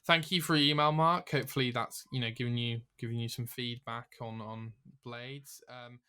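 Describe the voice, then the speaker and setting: A man's voice: mid-range voice, steady tone, normal speed, bright, forceful tone. A man hosting a casual gaming podcast, talking loosely with lots of fillers and reading out a listener's email. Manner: chatty, filler-heavy, reads out listener email. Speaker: podcast host.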